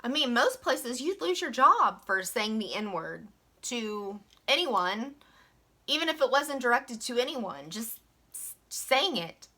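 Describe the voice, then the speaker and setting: A woman's voice: fairly high pitch, sing-song, slow pace, bright, forceful tone. A young woman from Virginia, telling a work story in a chatty, frank way full of fillers. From West Virginia. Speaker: vlogger. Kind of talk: casual storytime venting.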